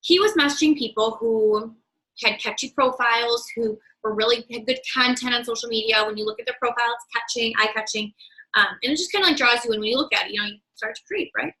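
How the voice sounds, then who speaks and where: High bright-voiced woman giving a pep talk. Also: quick pace, poor audio. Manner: emphatic, repeats key phrases. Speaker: team leader of a sales business. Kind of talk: motivational team talk.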